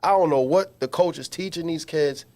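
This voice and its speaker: A man's voice: on the high side, normal speed. A man co-hosting a podcast, telling comic stories in slangy, emphatic casual chat from a small studio. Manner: animated storyteller, slangy and emphatic. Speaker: podcast co-host.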